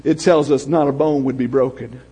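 A man preaching a sermon as pastor, swinging from shouts down to hushed storytelling. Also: medium pitch, steady tone, normal speed, slightly rough. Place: church sanctuary. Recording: long hall reverb.

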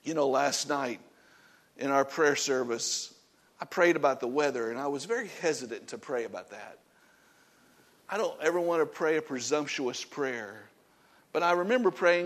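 A male pastor delivers a sermon in an easygoing, talkative way, his voice sitting a touch high. He laughs at himself now and then and moves between soft, low stretches and loud bursts of emphasis. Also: expressive, moderate pace. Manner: conversational preaching with laughter and self-deprecating asides.

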